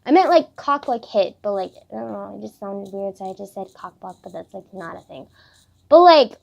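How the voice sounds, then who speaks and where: A woman's voice: medium pitch, expressive, normal speed, vocal fry, darkish tone, lo-fi sound. A teenage girl vlogging a rambling story about her school day, chatty and full of fillers and swearing. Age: teens.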